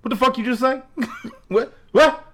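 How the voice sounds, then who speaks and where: A young man casually telling a story, acting out both sides of a phone call, animated and laughing often. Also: very high-pitched, measured pace.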